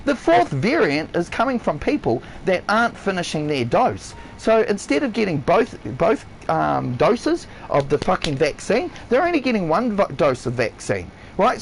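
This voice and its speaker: A man's voice: high-pitched, creaky, a little hiss or hum, low-quality recording. A man with a New Zealand accent, ranting on a live game stream, swearing heavily and repeating himself. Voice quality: swears constantly, shouts and drops his voice, repeats himself. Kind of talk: heated rant on a live stream.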